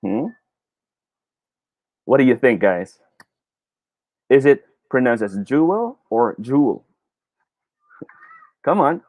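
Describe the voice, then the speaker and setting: Lively Filipino English-speaking male teacher. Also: medium pitch, takes it slowly, pauses often, dry recording. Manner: lively, laughs often, mixes Tagalog into English. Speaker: teacher hosting a live online speech class. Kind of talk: live online lesson, reading chat comments.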